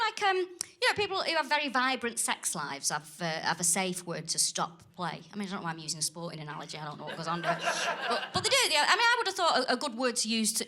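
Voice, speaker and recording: On a theatre stage, a woman with a voice on the high side performs a crude, acerbic stand-up set into a stage microphone, dropping deadpan asides and lively put-on voices for other people. It's a live theatre recording with loud laughter from the audience.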